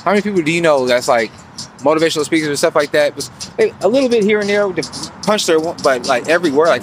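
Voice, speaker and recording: A man with a somewhat high-set voice rambles through a casual monologue, slangy and full of swearing. He keeps checking in with the listener, and faint street and car noise hums behind him. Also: animated, fast talker. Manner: profane, slangy, keeps asking "you feel me". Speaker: vlogger giving financial advice.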